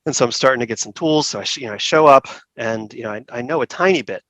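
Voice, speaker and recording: A middle-aged man telling stories as a guest in an interview, relaxed and chatty, laughing often and acting out the people he quotes. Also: medium pitch, fast, no room sound. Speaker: saxophone repair technician, guest. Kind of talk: casual storytelling interview.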